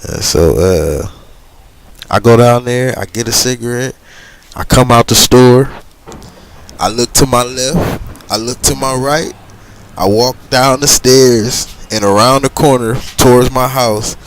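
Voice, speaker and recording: A man's voice: medium pitch, measured pace. A middle-aged man talks casually over a driving game. He rambles, circles back often and leans on filler phrases. His voice sits in an ordinary middle range. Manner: animated, rambling, frequent "you know what I'm saying". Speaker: gaming streamer telling a story. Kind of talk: casual storytelling over gameplay.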